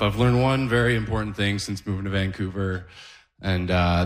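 Low-voiced guy doing standup, dry and easygoing. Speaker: stand-up comedian. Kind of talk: stand-up set. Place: live comedy stage with audience.

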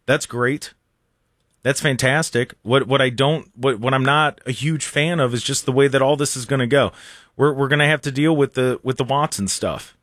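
A man hosting a casual sports talk show, excitable and rambling, with a sarcastic streak. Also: mid-range voice, moderate pace, dry recording, clean studio sound. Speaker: sports radio host.

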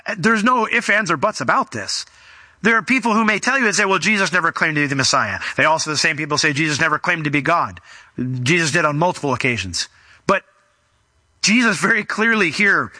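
A man's voice: fairly high pitch, sharp tone, no echo. A man preaching a conversational, emphatic sermon as a pastor, explaining scripture to his congregation.

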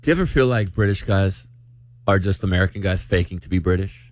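A man's voice: deep voice, quick pace, no echo. A man from Mexico hosting a radio show, chatting casually and teasing his guest. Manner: playful, teasing questions.

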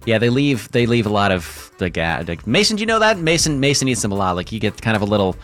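A man in his forties hosting a morning radio show, joking around with his co-hosts in lively banter. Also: on the low side, soft background music. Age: 40s. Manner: animated, joking, quick to tease.

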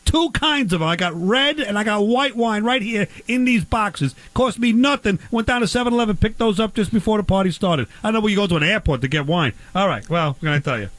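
A brash man hosting a comedy bit. He rattles along fast in a high voice, teasing his guest and rambling on. The sound is dry and close. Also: animated, fairly bright tone, no room sound. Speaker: host. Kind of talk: comedy bit, mock barbecue show.

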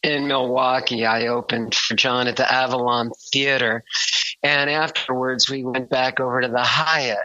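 A man with a very bright, sharp voice tells an anecdote with gusto and slips into the voices of the people in it. The sound is dry and close, with no room around it, and the recording is a little dull and lo-fi. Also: mid-range voice, moderate pace, no room sound. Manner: lively storyteller who acts out quoted voices. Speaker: musician and author. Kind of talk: telling an anecdote.

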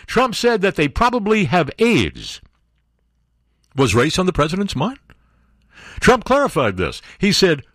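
A man's voice: on the high side, fairly bright tone, no echo, studio quality. A man hosting a talk radio show, delivering an opinionated monologue in a sarcastic, incredulous way.

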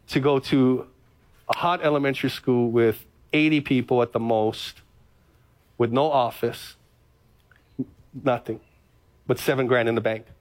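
A middle-aged male pastor giving a sermon, telling stories with jokes and repeated phrases. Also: mid-range voice. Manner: animated storytelling, joking and repeating phrases.

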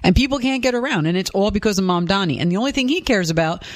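A woman's voice: medium pitch, expressive, very fast, no room sound. A woman co-hosting a talk show, blunt and outspoken in casual banter. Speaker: co-host.

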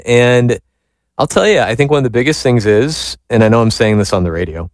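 A man's voice: mid-range voice, expressive, normal speed, no room sound. A man, a priest, answering a caller on the radio in a casual, candid way. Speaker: priest, spiritual director. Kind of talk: conversational radio commentary.

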